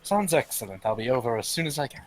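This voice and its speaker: Male tabletop player, relaxed, narrates own actions; light background hiss. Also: medium pitch, fast talker, poor audio. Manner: relaxed, describes his actions. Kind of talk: playing a tabletop game.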